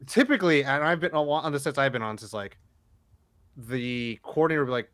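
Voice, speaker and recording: A man's voice: mid-range voice, fairly quick, a bit bright, no echo. A man co-hosting a podcast in casual chat, rambling and swearing as he acts out what people said to him. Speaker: podcast co-host.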